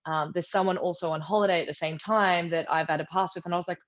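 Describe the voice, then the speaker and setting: A woman with a lowish voice tells a personal story in a relaxed podcast conversation. She acts out the people she quotes and often sinks into a soft, hushed delivery. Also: quick pace, highs cut off. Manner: animated retelling, acting out quoted voices, drops to a soft low voice. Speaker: guest. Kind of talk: candid storytelling in a podcast interview.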